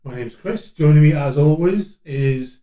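A man's voice: fairly high pitch, a little slow, dark tone. A British man hosting a casual podcast, easygoing, laughing often and stalling with fillers. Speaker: podcast host. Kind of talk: casual chat. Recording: roomy room sound.

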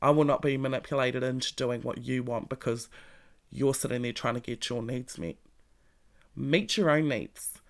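A creaky, gravelly voice delivers a blunt motivational monologue, swearing freely and pressing the listener with direct questions. The pitch sits in a middle register, and the delivery stays emphatic and plain-spoken throughout. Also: flat delivery, brisk. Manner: speaks straight to the listener with pointed questions. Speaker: self-help vlogger.

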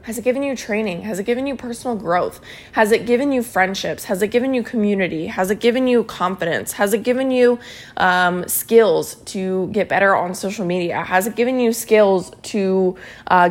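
A woman hosting a motivational podcast, talking energetically and often tagging her points with "right?". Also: mid-range voice. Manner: energetic, repeats phrases, says y'all and right. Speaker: podcast host and team leader. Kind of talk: motivational solo podcast talk.

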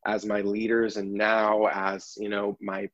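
A man's voice: fairly low pitch, completely flat delivery, a little slow, a bit bright, highs cut off. A man working as a self-love coach, talking earnestly and reflectively in a podcast conversation, with many restarts.

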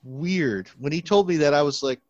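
A man's voice: fairly high pitch, normal speed, dry recording. A young man, a theology student, chatting casually and rambling with many restarts and fillers. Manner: rambling, lots of restarts and fillers, animated when quoting people. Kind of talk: casual podcast chat. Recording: dry, slightly dull recording.

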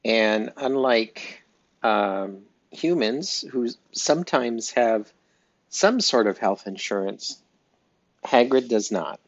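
A man speaking slowly and haltingly in a heartfelt personal audio diary, with many pauses and fillers. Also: medium pitch, lively intonation, no room sound. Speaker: pet owner sharing an update. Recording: dry, dull lo-fi recording.

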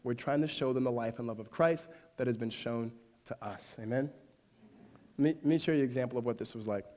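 A man's voice: medium pitch, fairly quick, darkish tone. A man preaching a sermon in a casual, conversational way, his voice climbing to emphatic peaks. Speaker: pastor. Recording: hall reverb.

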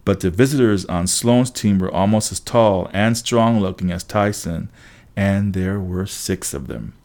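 A man reading a first-person story aloud, wry and lively, switching quickly into voices for the characters. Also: low voice. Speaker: audiobook narrator. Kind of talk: first-person audiobook narration.

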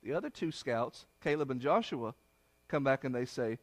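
A man preaching a sermon, retelling a story with rhetorical questions and swinging between loud emphasis and hushed low phrases. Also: lively intonation, moderate pace.

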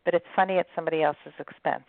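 A woman's voice: sits low, steady tone, racing, no room sound. A woman hosting a casual chat, speaking frankly and agreeing with her guest. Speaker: host. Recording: dry tinny phone-like line.

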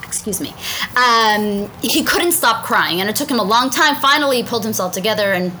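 A woman's voice: a little high, expressive, fairly quick, pushed and bright, a little hiss or hum, low-quality recording. A woman teaching a Talmud story in a chatty way, translating Aramaic lines and often asking "right?". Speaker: Torah class teacher.

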